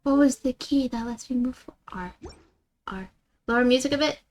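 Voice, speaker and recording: A woman's voice: sits high, moderate pace, darkish tone, a little hiss or hum. A woman streaming a game, chatting casually with her viewers in a playfully dramatic way, sometimes dropping into a half-whisper. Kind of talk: casual live-stream chat while gaming.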